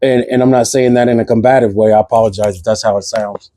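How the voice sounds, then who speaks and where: A man delivers a fervent spiritual monologue, circling back to the same lines and firing off rhetorical questions. His tone is dark and mellow. The recording is close and dry, with no room sound. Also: fairly low pitch, steady tone, fast talker, no echo. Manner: impassioned, preachy, repeats phrases, asks rhetorical questions. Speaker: vlogger. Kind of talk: passionate spiritual monologue to camera.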